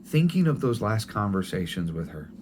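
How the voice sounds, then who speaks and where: Middle-aged male pastor, tender and gentle, restarts phrases, low voice. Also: sing-song, normal speed, slight background noise. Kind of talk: sermon.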